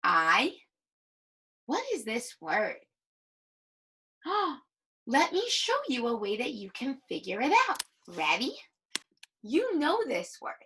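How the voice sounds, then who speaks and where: A woman teaching a young child to read, slowly sounding out words and patiently guiding each line. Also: fairly high pitch, huge pitch swings, pushed and bright. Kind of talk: early reading lesson for young children.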